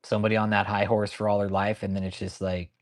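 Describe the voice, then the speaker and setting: A lowish-voiced man hosts a loose commentary stream, rambling and swearing freely as he goes. He talks bluntly and answers his viewers by name as they chime in. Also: level tone, quick pace. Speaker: channel host. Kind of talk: casual livestream commentary.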